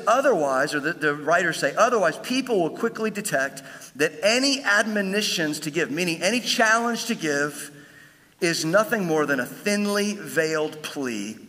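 A pastor delivers his sermon in a bright, ringing voice that carries through a reverberant church hall. He builds to emphatic peaks and drops low and quiet for asides. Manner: emphatic preaching, swells louder on key lines, drops low for asides.

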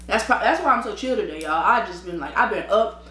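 A woman's voice: mid-range voice, fairly quick. A tired woman chatting casually while eating on camera, telling slangy stories with lots of laughter. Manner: animated, slangy storytelling with frequent laughs; eating and sipping between sentences. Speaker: mukbang vlogger. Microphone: own microphone. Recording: echoey room.

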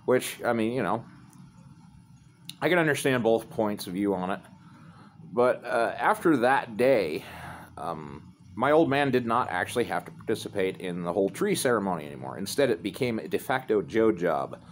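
A man's voice: on the low side, animated, normal speed, a little hiss or hum. A man telling a rambling, profane story in a laid-back, casual way.

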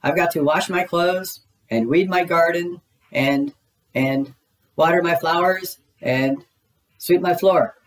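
A man voicing a fussy, busy rabbit in a storybook read-aloud, rattling off chores in a hurried, flustered way. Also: fairly high pitch, far from the mic, pitched above the performer's own voice, low-quality recording.

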